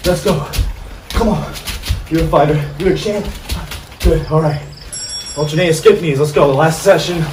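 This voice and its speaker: A man leads a boxing-style workout, firing off energetic, short commands. His voice sits a bit high and comes from a distance. The recording is roomy, with insects clearly chirping behind him. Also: normal speed, long pauses. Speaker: fitness coach. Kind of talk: live workout coaching. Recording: far-off mic with echo and insect noise.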